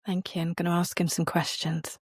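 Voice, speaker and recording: A woman's voice: lowish voice, a little fast, slightly rough, no echo, clean studio sound. A woman co-hosting a podcast, telling stories in casual chat, laughing often and acting out quotes. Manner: lively storyteller, laughs often, acts out quotes. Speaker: podcast co-host.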